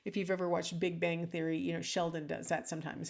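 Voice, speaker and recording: A fast-talking woman with a fairly low pitch and flat delivery records a casual lecture alone, at home or in an office. She peppers it with ums and asides to the listener and voices example lines in various intonations.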